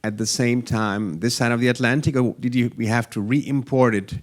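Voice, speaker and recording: A man's voice: mid-range voice, steady tone, normal speed. A man moderating a talk, politely asking the speaker a question.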